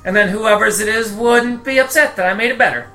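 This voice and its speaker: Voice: medium pitch, fairly quick, pushed and bright, soft background music, pitched above the performer's own voice. A player voicing a young female tinkerer who is nervous and evasive, talking in a raised, eager voice full of hedging fillers.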